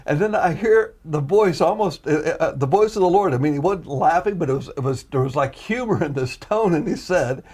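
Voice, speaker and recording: A man giving an earnest, emotional personal testimony. He is a guest, and at times his telling rises into loud, high pleading. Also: lively intonation, normal speed, hardly any pauses, husky.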